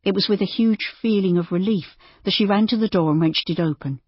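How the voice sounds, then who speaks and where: A woman audiobook narrator reading scripted narration in a steady, even storytelling manner. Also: medium pitch, a little fast, husky, no echo, muffled recording.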